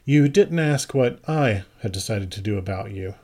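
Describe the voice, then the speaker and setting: A man's voice: lowish voice, lively intonation. A man voicing a weary, tough-minded woman. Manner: tired, quiet, halting.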